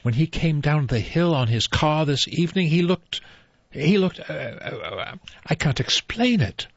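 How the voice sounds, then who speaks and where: A woman's voice: deep voice, animated, darkish tone, no echo, pitched above the performer's own voice. A man reading a novel aloud, voicing a shaken young woman who falters as she speaks, on a dull lo-fi recording. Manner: halting, faltering speech.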